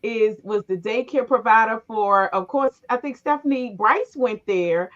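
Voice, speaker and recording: A middle-aged woman hosts a relaxed conversation, telling stories from her own family with lively energy. She acts out the voices of the people in them. Her voice sits a little high and sounds muffled and lo-fi. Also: measured pace. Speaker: podcast host. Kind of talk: casual conversation, storytelling. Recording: muffled, lo-fi recording.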